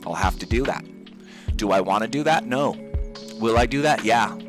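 A man's voice: lowish voice, normal speed. A young man chatting casually as a gaming streamer, rambling and jokey with laid-back gamer slang. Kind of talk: casual joking chat. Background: background music.

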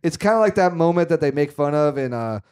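A man's voice: fairly high pitch, lively intonation, fast talker, darkish tone, clear, resonant tone. A man co-hosting a casual movie podcast, retelling film scenes in a rambling way with lots of fillers. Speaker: podcast co-host. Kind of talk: casual movie recap chat.

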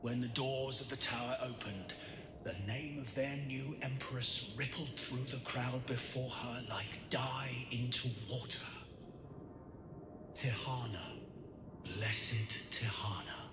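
A man narrating a story inside a video game in a measured storybook delivery. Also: medium pitch, fairly even intonation, music in the background, lightly acted.

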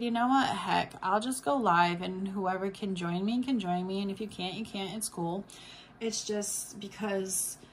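A woman's voice: mid-range voice, slight background noise. A woman vlogger chatting casually about a subscription box, rambling with lots of fillers and restarts. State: has the hiccups. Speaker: unboxing vlogger. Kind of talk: casual unboxing chat.

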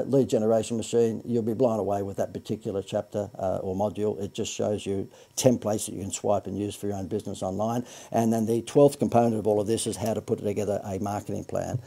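Man, husky and low, live course presenter who rambles and self-corrects. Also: dark tone. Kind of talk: live sales pitch.

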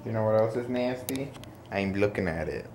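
A man's voice: lowish voice, moderate pace, a little mellow, slight background noise. A man bantering casually off camera with dry, teasing humor. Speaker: vlogger's partner.

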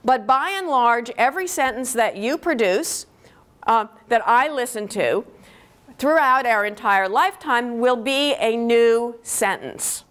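A woman's voice: a little high, lively intonation, unhurried, fairly bright tone. A woman professor giving a university lecture on linguistics, explaining step by step and often checking in with "okay?" between points. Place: lecture hall.

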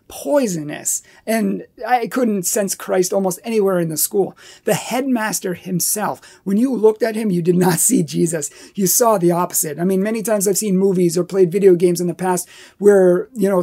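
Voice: mid-range voice, gravelly, a little mellow. A Catholic speaker telling a personal testimony in an earnest, emphatic way, building up repeated phrases.

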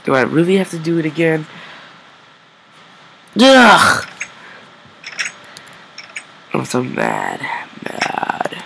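A man's voice: a little high, wildly swooping pitch, normal speed, vocal fry, slight background noise, rough recording. A man giving let's play commentary, talking to himself while he plays and breaking into frustrated outbursts. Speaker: gameplay video creator.

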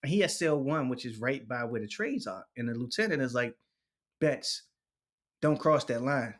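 A man in his forties telling stories casually in an interview, slangy and lively, acting out other people's voices and laughing often. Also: mid-range voice, normal speed. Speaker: interviewee, poet.

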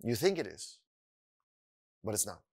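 A young adult man with a Filipino accent preaching a sermon, animated and slipping in Tagalog phrases as he acts out the voices of children and doubters. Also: on the low side, a little slow, vocal fry. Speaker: pastor.

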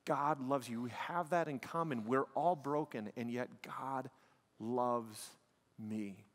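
A man's voice: medium pitch, slow pace. Emphatic male preacher in a reverberant church. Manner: emphatic, conversational preaching with frequent "man" and "like". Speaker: pastor. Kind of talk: sermon. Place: church sanctuary. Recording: long reverb of a large hall.

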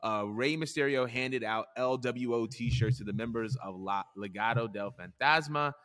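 A man's voice: mid-range voice, normal speed, fairly bright tone. A man hosting a casual podcast chat, laid-back as he reads out segment notes. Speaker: podcast host.

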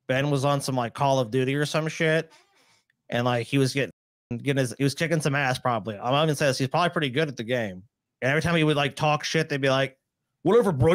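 Fast, crude comedic co-host, man. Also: medium pitch, no room sound, studio quality. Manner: swearing, mocking, animated. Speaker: podcast co-host. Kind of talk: casual comedic reaction chat.

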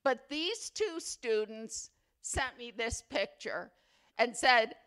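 A woman's voice: on the high side, animated, slow pace, a bit bright, smooth. A woman giving an award acceptance speech at a ceremony, chatty, playfully humorous and sentimental. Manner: affectionate, sentimental. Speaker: faculty award recipient.

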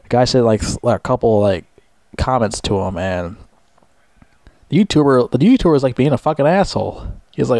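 A man's voice: medium pitch, brisk, vocal fry, warm tone, no echo. A man ranting angrily to the camera in a profane, repetitive way, stammering over restarts and mocking others sarcastically. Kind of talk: angry rant.

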